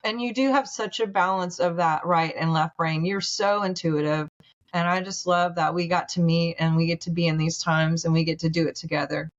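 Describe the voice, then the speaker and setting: A woman's voice: lowish voice, fairly even intonation, moderate pace. A woman, a naturopathic doctor, speaking as a podcast guest in an earnest, effusive way. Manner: earnest, gushing, grows emotional. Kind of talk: casual interview talk. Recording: dull lo-fi sound.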